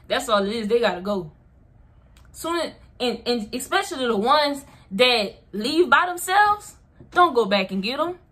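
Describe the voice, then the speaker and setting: A young woman talks straight to her viewers in a motivational vlog, repeating her points with emphasis and calling them y'all. Her voice sits a little high and comes across bright and forceful. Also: sing-song, unhurried, husky. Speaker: vlogger.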